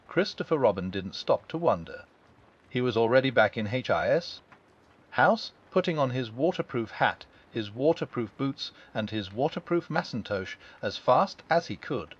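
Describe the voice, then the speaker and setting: Man reading a bedtime storybook, gentle and slow, lively pitch, kinda muffled audio. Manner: gentle and unhurried. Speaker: audiobook narrator. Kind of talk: calm bedtime storybook narration.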